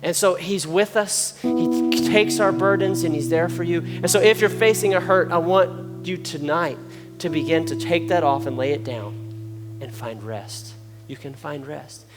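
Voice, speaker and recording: Man, fairly high voice, earnest conversational sermon, long church-hall reverb, guitar playing underneath. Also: moderate pace, few pauses. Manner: earnest, conversational preaching with rising emphasis. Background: soft guitar music.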